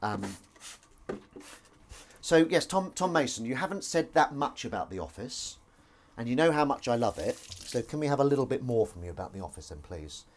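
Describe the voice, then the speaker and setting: A man's voice: medium pitch, big pitch swings, moderate pace. A man, hosting a casual live stream from his home kitchen. He talks in a rambling, self-deprecating way, addressing his viewers and his cat while he washes up. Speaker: livestream host.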